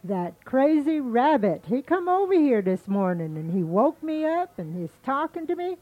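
A woman's voice: high-pitched, very animated, moderate pace, no echo, phone-quality sound, pitched above the performer's own voice. A woman voicing a grumpy, sleepy male alligator in a told folktale, complaining and aggrieved.

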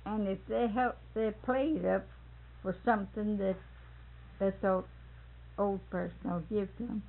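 An older woman telling family stories, laughing often as she talks. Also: medium pitch. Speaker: storyteller recalling family life. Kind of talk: casual oral history. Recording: tinny phone-like old tape.

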